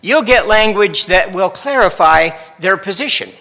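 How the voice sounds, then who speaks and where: A man preaches a sermon, telling the story with wry drama. His voice is high, bright and unhurried, and it rings in a long hall echo. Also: lively intonation, gravelly. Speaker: pastor.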